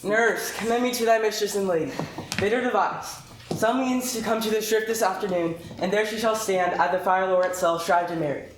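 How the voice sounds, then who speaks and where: Actor playing an earnest young man in love, mid-pitched, plain delivery, echoey hall. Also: fairly quick, natural voice. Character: earnest young male lover. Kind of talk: live stage acting. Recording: echoey hall, faint noise.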